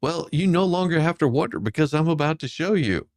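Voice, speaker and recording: A man's voice: a little high, lively intonation, fairly quick, no echo, studio quality. Mocking man hosting a commentary show. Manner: mocking, laughs often. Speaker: host. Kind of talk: casual news commentary.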